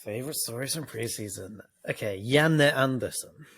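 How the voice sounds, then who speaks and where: A man on a casual chat podcast who tells stories playfully and likes to tease out his reveals. His voice has a husky, slightly breathy grain and sits in a middle pitch. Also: normal speed, fairly bright tone. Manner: playful storyteller, teasing reveals. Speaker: podcast co-host.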